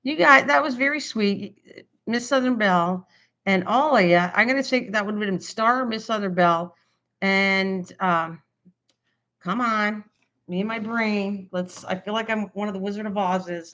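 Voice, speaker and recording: A woman's voice: medium pitch, moderate pace, a bit bright. Older woman streamer, rambling homey chatter, talks to herself as she writes, fond of thanking her viewers. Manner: chatty, thinks aloud while writing, effusively thanks viewers. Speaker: livestream host. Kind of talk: casual live stream chat. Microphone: computer streaming setup.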